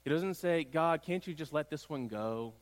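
A man's voice: a little high, lively intonation, moderate pace. A man preaching a sermon as pastor, building emphasis through repeated phrases. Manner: preaching with rising emphatic repetition. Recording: long hall reverb.

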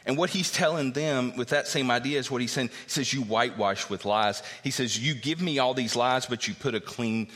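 A man preaching a sermon in a conversational, animated way, acting out quoted voices as he teaches. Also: medium pitch. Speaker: pastor. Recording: long hall reverb.

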